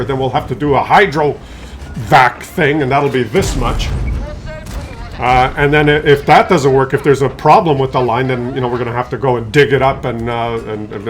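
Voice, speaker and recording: A man telling a rambling, exasperated story to camera at home, acting out what others said with sudden jumps in his voice. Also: slight background noise. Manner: rambling, exasperated, acts out quotes with pitch jumps. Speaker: video host telling a story.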